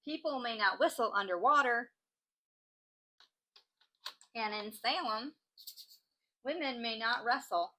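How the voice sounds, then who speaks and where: Woman, crafting host, casual chat, bright tone, slightly high voice, joking asides. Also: slow, long pauses, a little hiss or hum, poor audio.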